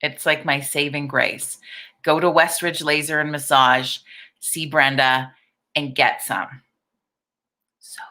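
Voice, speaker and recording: A middle-aged woman hosts a casual live stream in a bright, forceful voice that sits a little low. She talks candidly, swears without holding back and greets viewers one by one. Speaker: livestream host.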